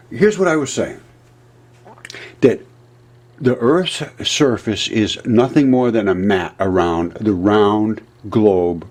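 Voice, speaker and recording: A man with a fairly low, husky voice talks through his own theories to his channel. He rambles and restarts mid-thought, sliding from low muttering into heated, aggrieved bursts. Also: darkish tone. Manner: emphatic and aggrieved, swings between low mutters and heated outbursts; speculative, free-associating, restarts mid-thought. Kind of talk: rambling screen-share monologue.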